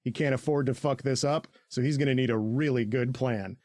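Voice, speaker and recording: A man co-hosting a podcast, recapping an anime in casual, profane chat, laughing often and jumping into squeaky character voices. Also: a little fast, darkish tone, no room sound.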